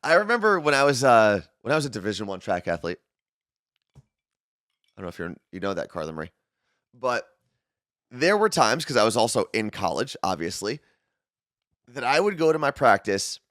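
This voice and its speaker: A young adult man co-hosting a podcast, relaxed and chatty, reading out listener comments. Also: mid-range voice, normal speed, pauses often, dry recording, studio quality. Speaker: podcast co-host. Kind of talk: casual chat.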